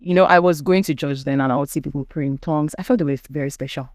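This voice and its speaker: A woman's voice: sits low, very fast, darkish tone, no room sound. A young adult woman with a Nigerian accent, a podcast guest giving earnest personal testimony and acting out the people she quotes.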